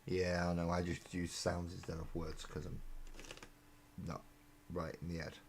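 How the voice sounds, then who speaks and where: A deep-voiced English man talks loosely through a live stream while he works on models at his desk. He rambles and mocks himself, and his words often trail off into mumbles. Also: little pitch movement, a little slow, slight background noise. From England. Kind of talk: casual live-stream chat while building miniatures. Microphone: desk mic on a live webcam stream.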